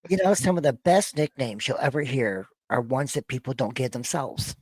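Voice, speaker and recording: A man's voice: mid-range voice, expressive, normal speed, husky, no echo. A man in his forties to fifties hosting a casual reaction podcast, talking bluntly and profanely and often stumbling over repeated words. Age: 40s to 50s. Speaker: podcast host. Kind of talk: casual reaction-show banter.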